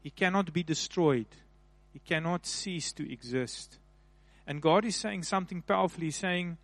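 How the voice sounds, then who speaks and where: A male pastor preaching a sermon, repeating and slowly stressing key phrases with rising emphasis. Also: a little high, no echo.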